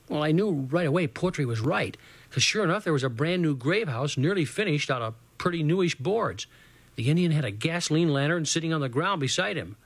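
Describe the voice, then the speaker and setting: A man reading a first-person adventure story aloud, in a lively, earnest storytelling manner. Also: a little high, fairly quick, slightly rough, no echo.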